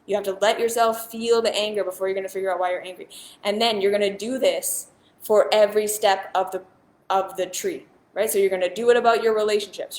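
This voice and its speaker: Addressing her viewers directly, a spiritual teacher speaks earnestly and emphatically, circling back to the same point repeatedly in a casual monologue. Her pitch is everyday middle, her voice rings slightly in a reverberant room, and there's slight background noise.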